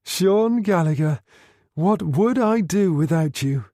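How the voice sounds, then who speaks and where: A man reading a novel aloud, voicing a worried wartime wife in a raised, gentle tone. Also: deep voice, moderate pace, no room sound, clean studio sound, voice pushed up. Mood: wry.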